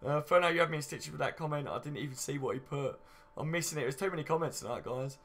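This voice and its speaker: A man hosts a casual fan live stream, answering viewer comments one after another. His voice sits a little high and sounds bright and forceful. He talks in loose, friendly banter. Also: fast talker. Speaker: fan channel host.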